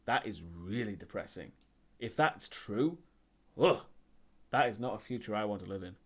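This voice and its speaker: A Welsh man streaming from home, chatting casually and answering his viewers one by one. His pitch rises and falls a lot, and he corrects himself and adds wry little asides. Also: animated, moderate pace, breathy edge. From Wales. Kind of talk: casual chat reading live chat.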